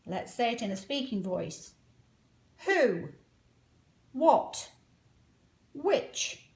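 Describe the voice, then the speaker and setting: A woman teaching a phonics lesson to children, sounding out words slowly and clearly. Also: a little high, big pitch swings, no room sound.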